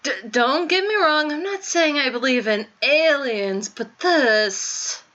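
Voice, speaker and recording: A woman's voice: high-pitched, expressive, slow, bright, forceful tone, dull audio, voice pushed up, full character voice. A woman voicing a sardonic young man who only trusts science, blunt and grumbling as she reads a game aloud. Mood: skeptical.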